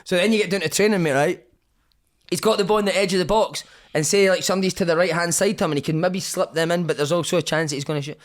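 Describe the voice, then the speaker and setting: A man, a former footballer telling lively anecdotes as a podcast guest, cursing and saying "mate" often. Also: high-pitched, racing. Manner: animated, swears freely, says "mate" a lot.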